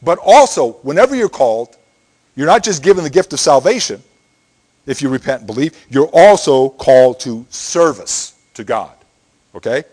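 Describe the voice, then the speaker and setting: A man's voice: medium pitch, animated, moderate pace, a little mellow. A middle-aged man preaching a sermon in a conversational way, often checking in with "okay?". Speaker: pastor.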